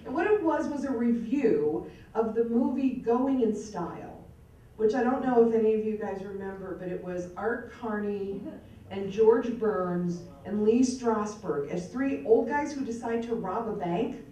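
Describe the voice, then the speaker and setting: A woman's voice: medium pitch, a little slow, dark tone. A woman in her fifties giving a speech to an audience as an alumna, telling self-mocking stories with a wry edge. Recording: echoey hall, mic far off.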